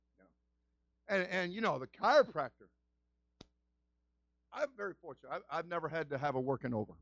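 A man, a senior pastor, giving a conversational sermon and telling stories with lively asides. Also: a little high, brisk, long pauses, dry recording, muffled recording. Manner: animated storytelling, acts out quoted voices.

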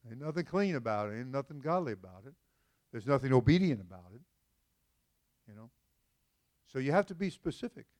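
Folksy joking pastor preaching. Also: male voice, medium pitch, big pitch swings, fairly quick, long pauses, a little mellow. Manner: folksy, joking asides to the congregation. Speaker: senior pastor. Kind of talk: conversational sermon. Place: church sanctuary.

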